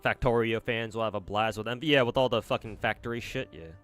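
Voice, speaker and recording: A man's voice: fairly low pitch, steady tone, fairly quick, fairly bright tone, smooth, soft background music. A young man streaming games, rambling casually, swearing and answering chat messages. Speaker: gacha game streamer.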